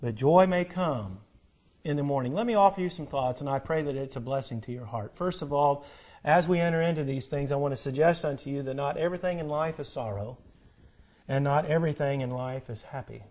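Male pastor, high-pitched, preaches with fervent swells and soft asides. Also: brisk. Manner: swings from loud emphatic preaching to hushed earnest tones. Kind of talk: sermon.

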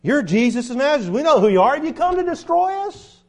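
Man doing a shrieking demon, defiant and afraid, high and loud. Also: very animated, fast talker, full character voice.

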